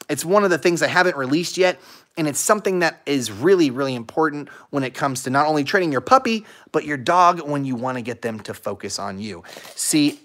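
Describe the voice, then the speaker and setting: A man hosting a casual dog-training livestream, upbeat and energetic, chatting with viewers and praising his dog. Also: mid-range voice. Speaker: dog-training channel host.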